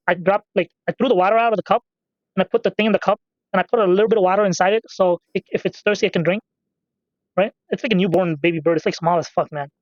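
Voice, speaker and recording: A man's voice: sits high, no echo. Man, gaming commentary, rambling, profane, dull lo-fi dry mic. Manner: rambling, profane, off-topic storytelling. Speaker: gaming channel host. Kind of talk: casual gameplay commentary.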